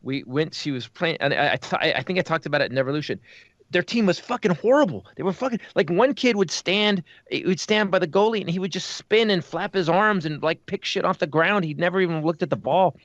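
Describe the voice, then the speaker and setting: Profane man telling animated stories. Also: high voice, brisk, no room sound, highs cut off. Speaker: podcast host. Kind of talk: casual podcast chat.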